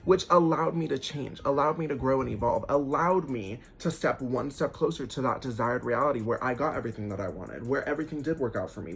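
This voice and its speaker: A young man giving an emphatic motivational talk to camera, swearing casually and turning animated when he acts out what people say. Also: medium pitch, gravelly, breathy edge. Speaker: self-help vlogger.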